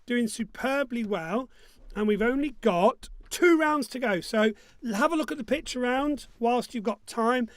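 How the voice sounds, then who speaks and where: Jokey high-voiced quiz host. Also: male voice, unhurried, no room sound. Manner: jokey and upbeat, hums his own jingles. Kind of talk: online pub quiz hosting.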